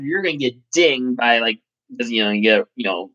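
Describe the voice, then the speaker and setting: A man's voice: medium pitch, lively intonation, brisk, bright, forceful tone, muffled recording. A man hosting a casual live chat, rambling and swearing, with lots of fillers. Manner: rambling, profane, full of fillers. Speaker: channel host.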